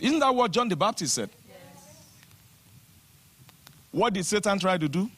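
Fervent high-pitched Nigerian preacher. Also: male voice, very animated, moderate pace, long pauses, a bit bright, husky. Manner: fervent preaching, leads congregation in declarations. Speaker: pastor. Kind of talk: sermon.

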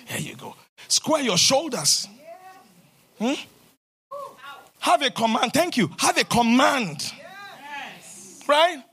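A man preaching a fervent sermon in church, swinging between loud shouted declarations and quieter talk. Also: extremely high pitch, big pitch swings, takes it slowly, pauses often. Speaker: pastor.

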